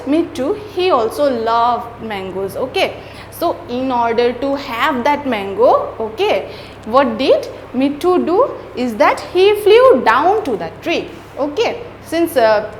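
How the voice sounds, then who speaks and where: A woman's voice: sits high, a little hiss or hum. A young woman teaching a storybook lesson to young children. She keeps saying "okay" and asks the children questions.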